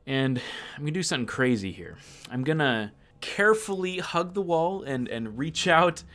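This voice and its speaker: A man's voice: a little high, animated, moderate pace, a bit bright. A man playing a tabletop role-playing game, thinking aloud and often repeating words as he asks questions. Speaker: player.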